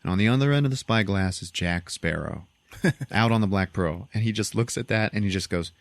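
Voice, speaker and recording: A man's voice: lowish voice, brisk, no room sound. A man hosting a podcast, retelling a movie's plot in a casual, profane way and laughing often. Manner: animated, profane storytelling with frequent laughs. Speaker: podcast host.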